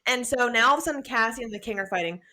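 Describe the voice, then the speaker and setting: Animated young woman, sweary book chat. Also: on the high side, very fast. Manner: animated, swears freely, acts out characters' lines. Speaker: podcast co-host. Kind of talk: casual book-recap chat.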